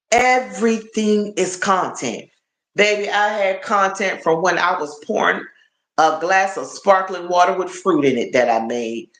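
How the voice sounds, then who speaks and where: A man's voice: high voice, bright, forceful tone, echoey room. A man hosting a casual live stream, chatty and tired, repeating himself and calling his viewers y'all. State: tired and achy. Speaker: livestream host.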